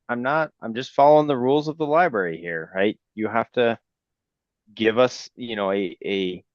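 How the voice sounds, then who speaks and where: A man's voice: lowish voice, no echo. A man playing a tabletop game who argues persuasively but hesitantly, often repeating words. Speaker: player. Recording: dull, dry lo-fi sound.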